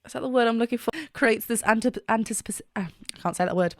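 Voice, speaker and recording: A woman's voice: a little high, fast, no echo, studio quality. A woman vocal coach teaching singing in a casual, giggly way, often breaking into laughter and self-mocking asides. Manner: giggly, self-mocking, demonstrates with sung notes.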